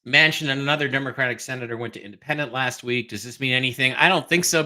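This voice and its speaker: A man with a bright, forceful, mid-range voice hosts a casual livestream, answering viewer questions in a blunt, flat, dismissive way. He thinks aloud while fiddling with his mic settings, and the desk microphone's level drops whenever he leans away from it.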